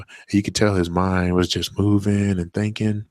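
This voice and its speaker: Very low-voiced father, rambling story. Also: little pitch movement, normal speed, darkish tone, no room sound. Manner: rambling storytelling with many fillers and restarts. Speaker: podcast host; father telling a story about his toddler son. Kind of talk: casual solo monologue.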